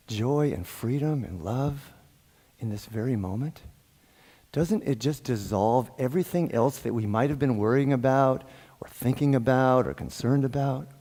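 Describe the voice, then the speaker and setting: Male guest minister, mid-pitched, lively storyteller, long hall reverb. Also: normal speed. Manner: animated, laughs often, acts out quoted dialogue. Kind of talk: sermon with jokes and storytelling. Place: church sanctuary.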